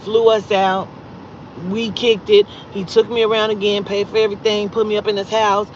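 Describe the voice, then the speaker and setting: A woman recounting a personal story in a loose, profane storytime style, her voice leaping high and loud when she gets exasperated. The audio is dull and lo-fi. Faint traffic hums in the background. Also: normal speed. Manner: profane, animated retelling with loud exasperated outbursts. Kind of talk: casual storytime vlog.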